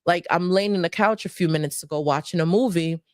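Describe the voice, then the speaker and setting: Earnest woman with a lowish voice. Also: a little fast, a little mellow, no echo, studio quality. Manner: earnest, emphatic, repeats key phrases. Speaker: host. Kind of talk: motivational personal talk.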